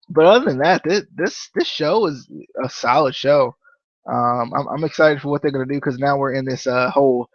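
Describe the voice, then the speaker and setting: A young man hosting a casual wrestling review podcast, rambling and stammering, often repeating words when he gets excited. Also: mid-range voice, no echo, highs cut off. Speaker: podcast host.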